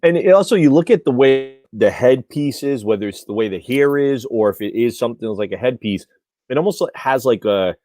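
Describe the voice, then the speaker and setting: A man co-hosting a toy news livestream, excitedly praising figures and often breaking off mid-word. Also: mid-range voice, no echo. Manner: excited, halting, trails off and restarts words. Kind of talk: casual chat.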